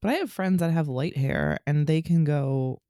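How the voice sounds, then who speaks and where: Gravelly, playful woman co-host. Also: low voice, very animated, moderate pace, mellow, dry recording, studio quality. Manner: playful, laughs often, self-mocking. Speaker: podcast co-host. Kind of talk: casual chat.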